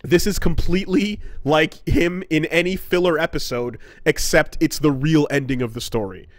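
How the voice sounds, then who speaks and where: Male podcast co-host, slightly higher voice, animated profane ranter, dead-dry studio sound. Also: normal speed, no echo. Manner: animated, profane, acts out character quotes in sudden high voices. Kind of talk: casual podcast rant.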